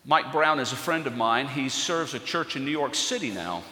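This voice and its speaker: Man preaching in a church, bright forceful voice, big echoey hall. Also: mid-range voice, expressive, normal speed. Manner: earnest storytelling, rising to fervent emphasis. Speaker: pastor. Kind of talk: sermon.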